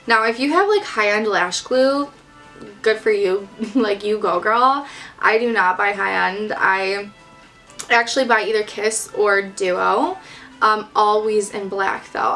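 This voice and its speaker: A woman's voice: medium pitch, a bit bright, distant mic. A young woman from the Detroit area, chatting casually about makeup in a bubbly way, full of "like" fillers. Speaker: beauty vlogger. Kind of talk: casual makeup chat to camera. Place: at home, in front of a mirror.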